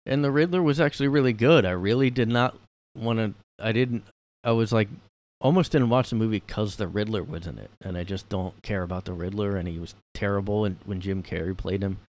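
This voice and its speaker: Speaking from his room, a man hosts a solo podcast in a fairly low, slightly mellow voice at a brisk pace, with no room sound. He rambles casually and sarcastically, piling on fillers and throwing in the occasional swear.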